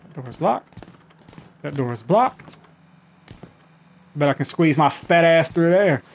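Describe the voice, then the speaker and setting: This gaming channel host's voice is on the high side, gravelly and animated, moving at a measured pace. Playing a horror game from his home setup with its music behind him, he reacts jumpily, joking nervously and swearing all the time.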